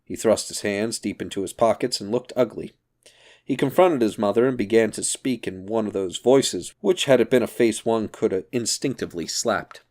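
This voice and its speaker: Low-voiced man reading a novel. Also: moderate pace, darkish tone. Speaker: audiobook reader. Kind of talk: scripted narration.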